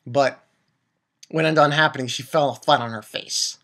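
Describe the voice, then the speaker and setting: A man giving a casual, rambling recap of an anime episode, excitable and quick to swear and laugh. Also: mid-range voice, creaky. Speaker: anime reviewer.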